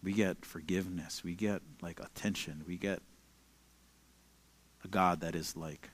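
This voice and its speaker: A man's voice: low voice, measured pace. A young man, a pastor giving a casual, conversational sermon and telling stories with plenty of "like" and "you know". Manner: relaxed storytelling with many fillers.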